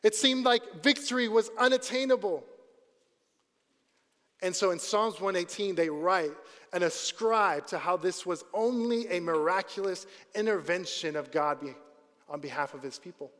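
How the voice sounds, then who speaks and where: High-voiced preacher in a reverberant hall. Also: male voice. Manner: asks the congregation questions, slows and quiets for emphasis. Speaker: pastor. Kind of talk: sermon.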